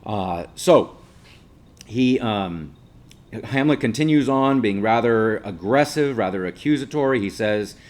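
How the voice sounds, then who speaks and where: A man's voice: fairly low pitch, lively intonation, a little slow, a little mellow. A male teacher giving a casual classroom lecture, explaining patiently and checking in with listeners by asking 'right?'.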